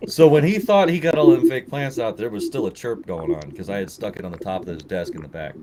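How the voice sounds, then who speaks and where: A man's voice: on the low side, a little fast, a crowd in the background, rough recording. A man telling a swearing, laugh-filled story in casual chat, acting out the people he quotes. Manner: animated, laughs often, acts out quotes. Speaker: podcast co-host telling a story.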